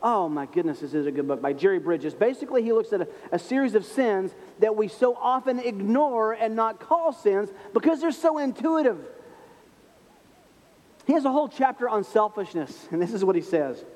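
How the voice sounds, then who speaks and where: High-voiced pastor in an echoing hall. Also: male voice, lively intonation, normal speed, darkish tone. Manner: humorous storytelling, self-mocking. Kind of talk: sermon. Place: church sanctuary.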